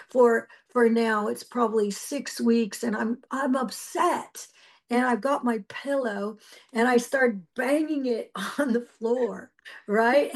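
A middle-aged woman preacher giving a personal testimony, telling her story earnestly and emotionally with halting restarts. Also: fairly high pitch.

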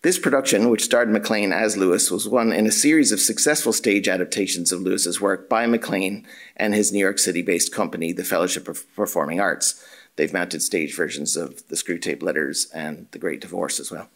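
A male lecturer in drama and theatre studies reads an academic paper aloud in a low voice. His delivery is measured and formal, broken now and then by dry asides.

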